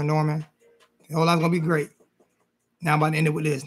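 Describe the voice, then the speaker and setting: Man, show host, husky voice, high and quick, loose joking chat. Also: completely flat delivery. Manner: loose and joking, repeats phrases. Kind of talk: casual call-in chat.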